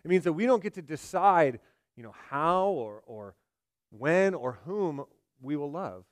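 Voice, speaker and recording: Man preaching with hushed, dramatic emphasis. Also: fairly high pitch, animated, a little slow, no echo. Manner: dramatic, swings from loud emphasis to hushed delivery. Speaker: pastor. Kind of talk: sermon.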